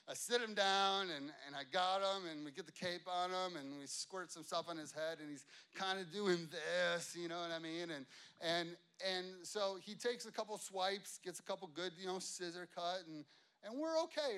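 Animated bright-voiced man telling a story. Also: high-pitched, clear, resonant tone. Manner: animated, rambling, many fillers and asides. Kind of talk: casual storytelling to an audience.

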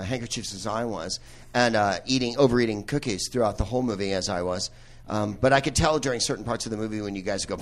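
A man hosting a live podcast in a movie theater, riffing on a film with profane, laughing asides. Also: mid-range voice. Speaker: podcast host. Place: old movie theater with audience.

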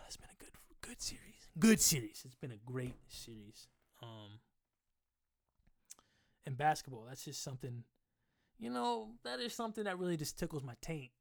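A man's voice: on the high side, animated, normal speed, vocal fry, pauses often, no echo, clean studio sound. A man hosting a podcast, chatting casually and profanely about sports, rambling and joking at himself. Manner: loose, profane, rambling, jokey. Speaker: podcast host.

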